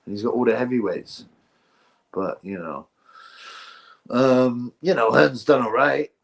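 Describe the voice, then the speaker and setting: Brief: male stream host, mid-pitched, offhand and sarcastic, chatting loosely with viewers. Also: a little slow, vocal fry. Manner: rambling, sarcastic, reads out chat. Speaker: livestream host. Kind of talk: casual livestream commentary.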